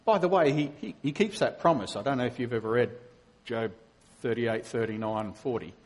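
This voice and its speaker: A middle-aged man, a preacher and professor, giving a conversational sermon with animated storytelling. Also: mid-range voice, a little fast. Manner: animated storytelling, acting out quotes.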